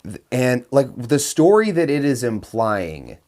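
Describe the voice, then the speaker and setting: A man co-hosting a podcast, thinking out loud about a horror film and often restarting his sentences. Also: medium pitch, big pitch swings, measured pace. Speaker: podcast co-host. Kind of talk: casual movie discussion.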